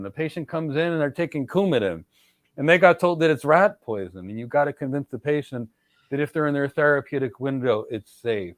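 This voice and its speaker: In a dry recording, a middle-aged man with a voice on the high side hosts a podcast, delivering energetic career advice. He's a cloud architecture mentor who lectures emphatically and frequently addresses his listeners directly.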